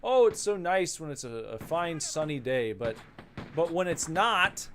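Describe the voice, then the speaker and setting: A man's voice: on the high side, big pitch swings, unhurried, slight background noise. A man casually commenting while playing a video game, rambling into wry, mock-serious rants. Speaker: gaming channel host. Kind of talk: casual let's-play commentary.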